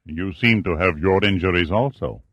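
A courteous official with formal, measured speech, voiced by a man reading aloud. The voice is deep and low, recorded close and dry. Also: a bit bright, no echo, lo-fi sound.

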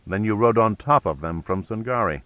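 A laconic male action hero who meets danger with dry understatement, voiced by a man reading aloud. He speaks low and unhurried, in a slightly muffled, dry studio recording. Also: animated, no room sound, natural voice. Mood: wry calm. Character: cool wry male adventurer hero.

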